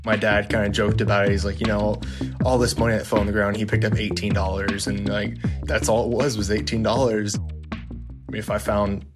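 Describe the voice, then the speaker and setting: A man, a veteran, recounting his story in a relaxed, self-deprecating way. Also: lowish voice, a little fast, loud music behind the voice. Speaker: interviewee, military veteran. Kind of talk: storytelling interview.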